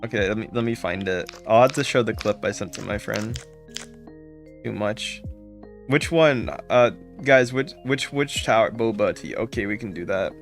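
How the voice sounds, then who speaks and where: A man's voice: lowish voice, moderate pace, soft background music. A man streaming a game live, chatting casually and greeting viewers by name with repeated thanks.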